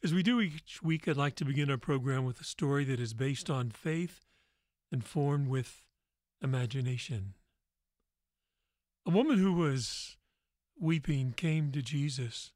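Slow, gentle priest hosting a radio show. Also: male voice, fairly high pitch, expressive, no room sound, studio quality. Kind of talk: radio talk show storytelling.

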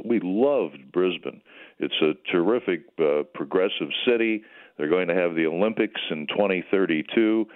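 An older man, a retired sports broadcaster, calling in by phone and reminiscing in a folksy, chatty way. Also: deep voice. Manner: folksy, chatty, many fillers and restarts. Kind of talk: reminiscing interview answers. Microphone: telephone. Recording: tinny phone line.

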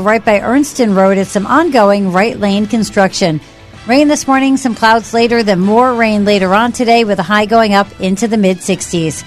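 A woman delivering a brisk traffic and weather report on morning radio. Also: fairly high pitch.

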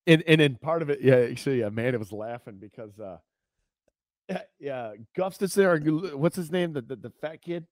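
A young man co-hosting a morning radio show, chatting in an excitable, animated way. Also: a little high, moderate pace, no echo, clean studio sound. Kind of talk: casual banter.

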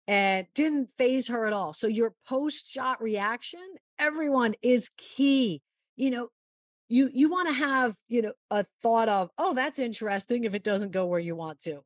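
A woman golf mental-game coach giving a long, animated interview answer and acting out the quotes in her story. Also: fairly high pitch, no echo, clean studio sound.

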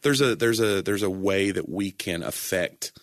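Man, deep-ish voice, earnest rambling talk, dry sound. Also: moderate pace, no room sound. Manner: earnest, rambling, self-correcting. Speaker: entertainer and church speaker. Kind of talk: casual faith conversation.

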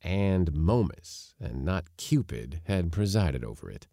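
A man reading a story aloud in an expressive, wry narrating manner. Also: sits low, slow pace, gravelly, no room sound, clean studio sound. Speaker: audiobook narrator.

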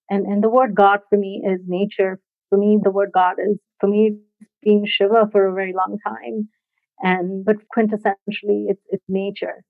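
A woman casually telling a personal story in a reflective, halting way, often laughing softly between thoughts. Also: medium pitch, little pitch movement, vocal fry, no room sound. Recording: dry, tinny phone-like sound.

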